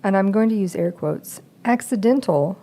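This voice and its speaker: A woman co-hosting a casual entertainment-news show with her husband, making low-key, dry asides. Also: moderate pace, warm tone. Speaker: co-host.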